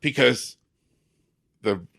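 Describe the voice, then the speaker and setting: A man's voice: drawn-out words, a bit bright. An older man, a fair performer, chatting in an interview, rambling and digressive as he tells stories. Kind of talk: casual interview chat.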